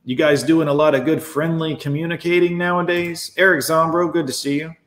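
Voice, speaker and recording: A man's voice: a little high, steady tone, a little fast, a bit bright, roomy sound. A man hosting a livestream, ranting sarcastically and profanely as he reacts to posts and talks to his chat. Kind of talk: ranting live commentary.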